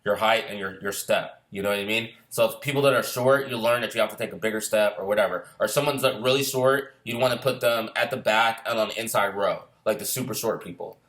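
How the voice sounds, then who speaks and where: Fast-talking man telling rough stories. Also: on the low side, a bit bright. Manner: rambling, laughs between lines, swears a lot. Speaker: storyteller recalling boot camp. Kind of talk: casual profane storytelling.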